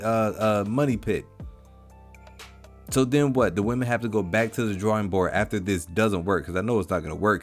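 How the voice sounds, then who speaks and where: Man, low voice, mocking reaction commentary, faint music behind. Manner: mocking, emphatic, repeats himself. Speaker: commentary host.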